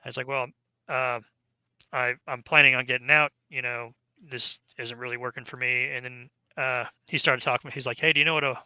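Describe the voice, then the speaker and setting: A man's voice: medium pitch, fairly even intonation, brisk, pushed and bright, clean tone, dry recording, lo-fi sound. A man, an army veteran, casually telling a long story in an interview, rambling with many fillers and restarts.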